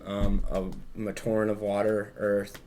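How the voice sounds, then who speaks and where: A man's voice: fairly low pitch, monotone, unhurried, dark tone, a little hiss or hum. Rambling guy recapping in casual chat. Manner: rambling, heavy on filler words and swearing. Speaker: podcast host.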